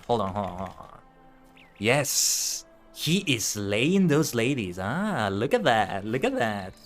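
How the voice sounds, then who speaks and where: A man's voice: mid-range voice, a bit bright. A man streaming a game, chatting casually, playful and punning and laughing often. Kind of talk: casual gaming commentary.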